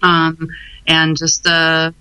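A woman's voice: deep voice, completely flat delivery, drawn-out words, pushed and bright, clear, resonant tone, low-quality recording. A woman, a guest on a podcast, chatting loosely and giggling now and then. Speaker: guest homebrewer. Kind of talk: casual homebrewing chat.

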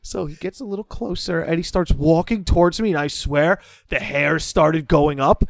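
A young man guesting on a podcast, telling a story in a casual, animated, dramatic way and swearing freely. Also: on the high side, normal speed, gravelly, no echo.

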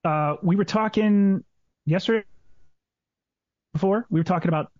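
A man's voice: high voice, moderate pace, dry recording. A man co-hosting a podcast in casual chat, joking and self-deprecating, often restarting his sentences. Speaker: podcast co-host. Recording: dull lo-fi dry audio.

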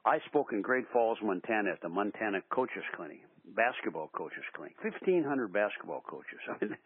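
An older man, a basketball coach, tells animated stories in a radio interview, acting out the quotes. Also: lowish voice, moderate pace, husky, dry recording. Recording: tinny phone-line sound.

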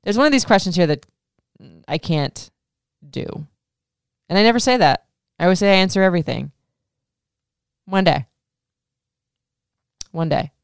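A woman in her thirties speaks in a mid-range, creaky, clean-toned voice, animated and a little fast, pausing often, in a dry recording. On her casual podcast she answers listener questions with frank profanity and lots of "like," sounding emotional and on the verge of tears.

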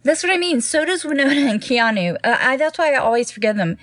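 Lively woman podcaster, high-ish voice, bouncy delivery, dry close sound, laughs a lot. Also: quick pace, no echo. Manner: animated, laughing, restarts often. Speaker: podcast co-host. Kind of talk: casual film chat.

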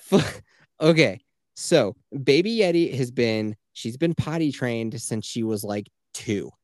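Animated, swearing man telling stories. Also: medium pitch, a little slow, no room sound. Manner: animated storytelling, swears freely, laughs often. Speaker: podcast co-host, stay-at-home father. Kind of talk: casual podcast chat.

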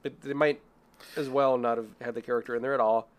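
A man's voice: medium pitch, steady tone, quick pace. A young man co-hosting a casual podcast, talking in a rambling, self-deprecating way with frequent laughs. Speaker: podcast co-host. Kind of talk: casual film review chat.

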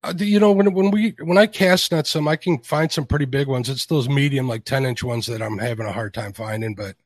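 A man's voice: mid-range voice, fairly quick, no room sound. A man hosting a fishing live stream, chatting in an easygoing, rambling, folksy way. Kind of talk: casual chat.

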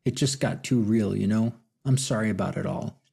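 A man's voice: fairly low pitch, moderate pace, vocal fry, mellow, breathy edge, full character voice. A man voicing a cocky male rival with a mocking, wisecracking way of talking in an audiobook. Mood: wry.

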